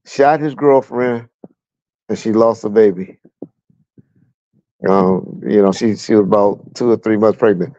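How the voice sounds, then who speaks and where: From his home, fan running in the background, this middle-aged Southern Californian swaps profane, blunt police-years stories on a casual livestream, laughing now and then. The voice is fairly low and dark, with dull audio and no room sound.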